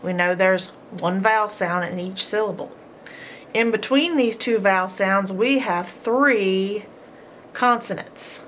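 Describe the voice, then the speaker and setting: A woman's voice: medium pitch, a little hiss or hum. A woman teaching a phonics lesson, patiently sounding out letters and words and praising the learner. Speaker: homeschool teacher.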